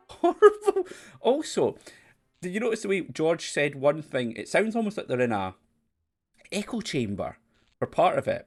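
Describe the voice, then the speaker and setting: A man's voice: mid-range voice, creaky. A man playing a classic adventure game and chatting casually as he pokes fun at its voice acting. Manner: chatty, mocking the game's acting. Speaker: let's play streamer. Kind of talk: casual let's play commentary.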